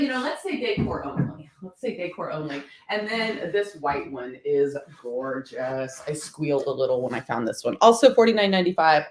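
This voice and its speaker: A woman's voice: low-pitched, echoey room. A woman chatting casually and upbeat to viewers about her thrift finds. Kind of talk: casual haul vlog.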